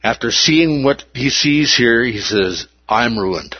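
Husky preacher man, emphatic. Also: mid-range voice, animated, takes it slowly, no room sound, dull audio. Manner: emphatic, repeats key words. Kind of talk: sermon.

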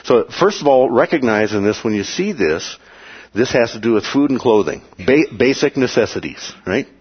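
A man leads a Bible class, his husky voice rising and falling across a wide, lively pitch range. He keeps checking in with his listeners and briefly acts out the voices he quotes. The recording sounds dull and lo-fi. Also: moderate pace. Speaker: Bible study teacher.

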